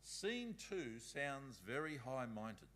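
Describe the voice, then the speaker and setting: A man teaches a Bible school class in a relaxed, conversational way. He reads passages aloud between his own remarks. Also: medium pitch, takes it slowly.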